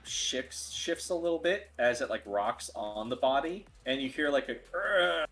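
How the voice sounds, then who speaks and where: A man narrates a tabletop game as its game master in a casual, loose way. His pitch sits in the middle range. His narration is full of fillers. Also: expressive, normal speed, fairly bright tone.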